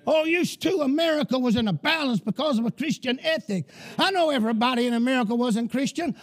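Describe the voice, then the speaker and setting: A male preacher delivering a fiery sermon, often shouting and emphatic. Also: very high-pitched, quick pace.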